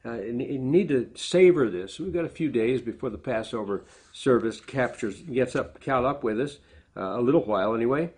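A man's voice: medium pitch, expressive, moderate pace, a little mellow, slightly rough. A man preaching a sermon, reading scripture aloud with lifted emphasis and then explaining it in plain, conversational asides. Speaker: pastor.

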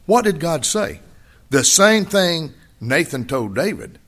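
A man preaching a sermon, repeating key phrases and swinging between loud high emphasis and quiet low asides. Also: sing-song, slow pace. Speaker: pastor.

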